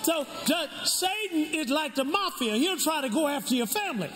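An older man, a pastor, preaching a sermon with call and response and shouting out to the crowd. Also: lively intonation, moderate pace. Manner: swings from shouts to low storytelling asides. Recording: reverberant hall, faint room noise.

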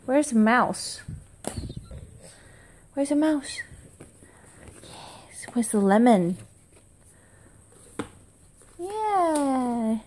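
Slow, sing-song mother quizzing her toddler. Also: fairly high pitch, lively intonation, a little mellow, a little hiss or hum. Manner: slow sing-song questions, praise and animal noises. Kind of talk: quizzing a toddler with flash cards.

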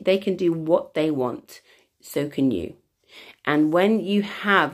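Chatty woman coaching breathing. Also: fairly low pitch. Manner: chatty, rambling, many restarts and fillers; soft, slow guided-breathing voice. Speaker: wellbeing coach. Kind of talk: live session with breathing exercise and viewer questions.

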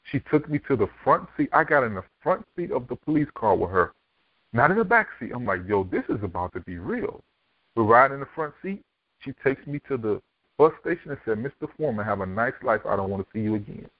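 Brisk male guest storyteller, fast delivery over a phone-quality line. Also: mid-range voice, lively intonation, dry recording. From Miami, Florida. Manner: vivid storyteller who acts out quoted dialogue. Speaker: podcast guest, author and speaker. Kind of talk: telling his life story in an interview. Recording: dry, tinny phone-like line.

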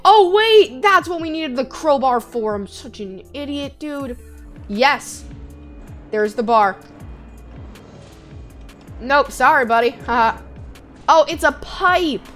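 An excitable woman narrating her gameplay in a casual let's-play, chatty and full of quick restarts. Her voice is fairly high and energetic, with faint game music running underneath. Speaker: gaming channel host.

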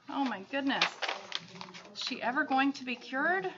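A woman teacher reading a picture book aloud to children, expressive, with chatty asides. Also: sits high, normal speed, a little hiss or hum. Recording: dull lo-fi sound.

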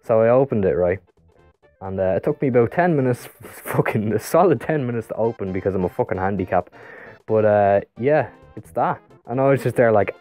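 A man's voice: mid-range voice, brisk, a little mellow, faint music behind. A young Irish man vlogging in casual, rambling chat, swearing constantly and using lots of slang.

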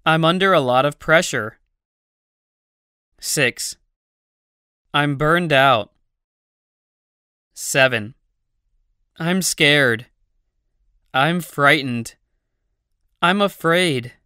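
A narrator of a language course reading numbered practice phrases in a slow, deliberate scripted drill, close to a studio mic. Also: mid-range voice, expressive, bright, forceful tone, smooth, no echo.

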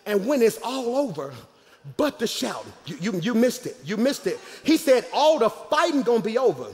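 High-voiced pastor in his forties, shouting. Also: sing-song, moderate pace, long reverb tail. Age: 40s. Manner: shouting, sing-song call-and-response preaching. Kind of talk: live sermon. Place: church sanctuary with congregation.

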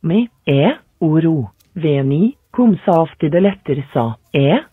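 A woman plays a talking airplane who explains a lesson in scripted educational narration. Her voice is deep for a woman and husky, in a hurried tone. The sound is thin and tinny, as if through a phone, and dry. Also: lively intonation, no room sound, heavily acted. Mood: instructive. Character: talking airplane named Avion, a lesson helper. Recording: tinny phone-like audio played from a video.

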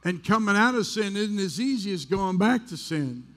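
Male pastor from the US, high-pitched, candid, conversational sermon delivery in a church. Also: expressive, normal speed, fairly bright tone. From United States. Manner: conversational storytelling, candid and self-deprecating. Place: church sanctuary.

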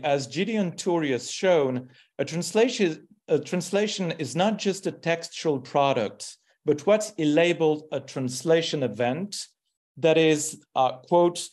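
Guy lecturing on a video call, measured, some uh and um. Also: on the high side, a little mellow. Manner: measured, with hesitant fillers. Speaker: academic speaker. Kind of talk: academic lecture.

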